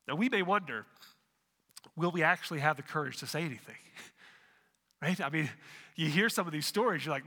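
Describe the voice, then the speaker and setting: A man's voice: sits high, sharp tone, long reverb tail. A man preaching a sermon as pastor, earnest, with rhetorical questions and frequent restarts.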